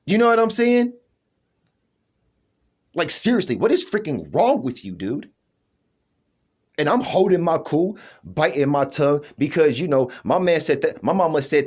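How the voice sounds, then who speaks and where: A man's voice: fairly high pitch, big pitch swings, moderate pace, pauses often, darkish tone. A man talking in a rambling personal monologue, emphatic, restarting often and checking in with his listener. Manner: emphatic, keeps asking "you know what I'm saying".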